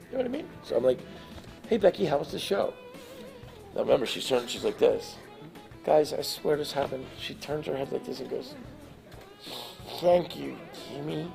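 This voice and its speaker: Guy with a gravelly voice telling a big emotional story, gets loud then real quiet, bit of music behind. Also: mid-range voice. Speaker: guest storyteller. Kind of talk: live storytelling talk.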